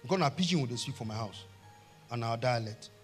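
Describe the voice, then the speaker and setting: A middle-aged Nigerian man preaching a sermon, telling a family story and swinging from hushed tones to shouts. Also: medium pitch, expressive, brisk, soft background music. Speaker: pastor.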